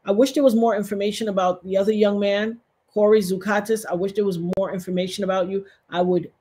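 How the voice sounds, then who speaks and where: A woman hosting a casual livestream, reading viewer comments aloud and talking straight to her audience in an animated way. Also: mid-range voice, fast. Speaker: livestream host.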